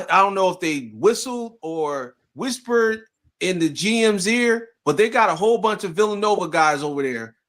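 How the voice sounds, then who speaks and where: A man's voice: high-pitched, a bit bright. A man in casual sports chat, talking emphatically and arguing his point. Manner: emphatic, argumentative.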